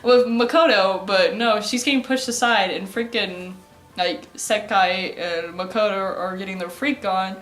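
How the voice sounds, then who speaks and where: A woman's voice: medium pitch, fairly even intonation, unhurried, a bit bright, soft background music. Rambling, sarcastic young woman. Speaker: vlogger. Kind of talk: casual anime recap. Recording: roomy echo.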